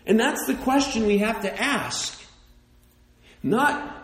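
Roomy, higher-voiced man preaching a sermon. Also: very animated, takes it slowly, long pauses. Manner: dynamic preaching, soft and low in hushed passages, rising to near-shouts. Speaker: pastor.

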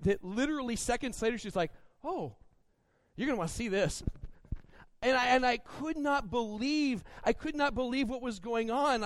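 High-voiced, animated male preacher. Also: dry recording. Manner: animated, chatty storytelling with frequent restarts. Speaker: pastor. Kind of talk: sermon with personal story.

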